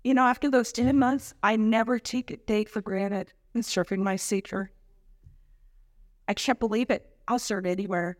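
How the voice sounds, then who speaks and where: A woman speaking at a women's church conference, preaching with humor, laughing often and jumping into high mocking voices. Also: steady tone, normal speed, no echo, clean studio sound.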